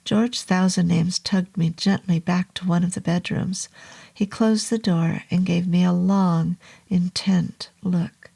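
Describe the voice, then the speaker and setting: A woman reads a horror novel aloud, slow and hushed, with a low, husky voice. A gravelly fry runs through her words, and she drops to a whisper now and then. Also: fairly even intonation. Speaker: narrator. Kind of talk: audiobook horror narration.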